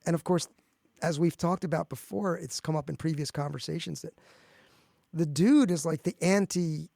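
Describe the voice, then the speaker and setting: Man, philosophy professor, gravelly and fairly high, dry close sound, casual discussion. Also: moderate pace, dark tone, dry recording. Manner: thoughtful, restarts phrases often. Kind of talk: casual academic podcast discussion.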